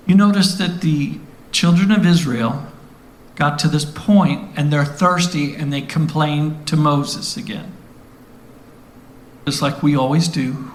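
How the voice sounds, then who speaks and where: Guy preaching kinda earnest, slightly high voice, lots of room echo. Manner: earnest, conversational, asks the listeners questions. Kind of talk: sermon-style Bible teaching.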